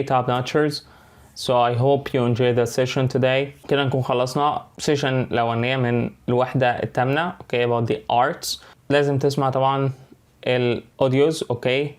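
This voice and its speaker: A man's voice: medium pitch, smooth. A man with an Egyptian accent teaching an online English lesson, switching between English and Arabic and often checking in with "okay" and "right".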